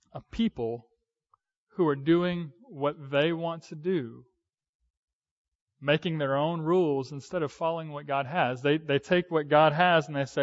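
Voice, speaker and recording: A man in his thirties preaching in an easygoing, conversational way, often pausing on fillers and starting sentences over. His voice sits a little high for a man, and the recording has a dull, lo-fi sound. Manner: conversational, with hesitant fillers and restarts. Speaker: pastor. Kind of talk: sermon.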